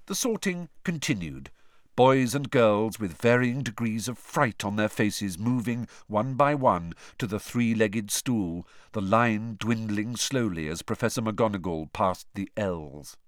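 Brief: male audiobook narrator, lowish voice with lively pitch, dry close sound. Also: measured pace, no room sound. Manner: expressive storytelling. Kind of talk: scripted narration.

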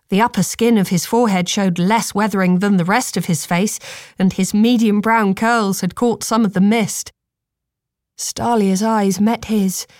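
A woman narrating a storybook in a calm, measured reading voice. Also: medium pitch, dry recording, studio quality.

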